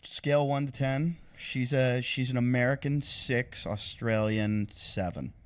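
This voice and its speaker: A man's voice: mid-range voice, a little slow, clear, resonant tone. A man, a comedian, telling a long, crude anecdote on a casual podcast and chuckling as he goes. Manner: rambling, profane anecdote with chuckles.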